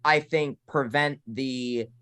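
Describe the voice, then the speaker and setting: A man's voice: medium pitch, fairly even intonation, slow, sharp tone, clear, resonant tone. A man in his early twenties, a college student co-hosting a casual sports podcast and talking in a hesitant way with many restarts. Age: 20s.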